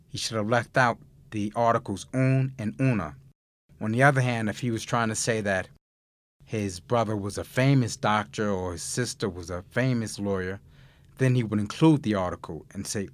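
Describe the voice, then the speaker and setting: Guy with a lowish voice running a language lesson, careful clear delivery, dry close mic. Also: steady tone, moderate pace, no echo. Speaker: language course host. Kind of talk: scripted Spanish lesson narration.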